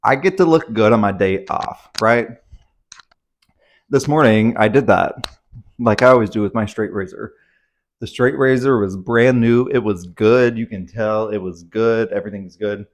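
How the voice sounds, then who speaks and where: Young guy vlogging from home, lowish voice, rambly and nervous, swears a lot. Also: moderate pace. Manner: rambling, swearing, anxious storytelling. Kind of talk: casual confessional vlog. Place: at home indoors.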